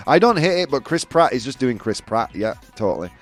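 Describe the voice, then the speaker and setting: Male host of a live chat show: animated, teasing, laughs a lot, his pitch swinging high and low over faint music. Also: normal speed. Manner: animated, laughs often, provocative asides.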